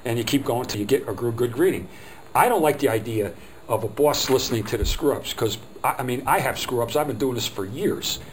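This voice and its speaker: A man's voice: mid-range voice, brisk, low-quality recording. Middle-aged man, mid-range voice, rambling workshop trainer, light hum behind. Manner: rambling, chatty, acts out quotes. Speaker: phone skills trainer. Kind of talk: workshop teaching.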